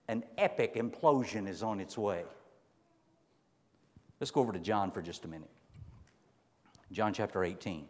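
A man's voice: lowish voice, normal speed, pauses often, in a large hall. A man preaching a folksy, emphatic sermon. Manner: folksy, emphatic, dramatic swings in loudness.

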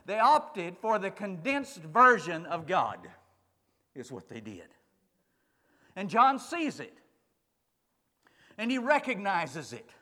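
A man's voice: sits high, big pitch swings, takes it slowly, long pauses, sharp tone, in a large hall. A male pastor preaching a sermon emphatically, building through repeated phrases.

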